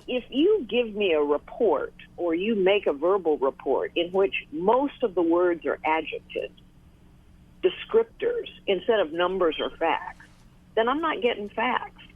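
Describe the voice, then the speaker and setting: A woman guest on a talk radio call-in, making her points in numbered order in a measured way. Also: on the low side, sing-song, breathy edge, no echo. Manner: measured, lists points one by one. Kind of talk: phone interview on talk radio. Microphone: telephone. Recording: tinny phone line.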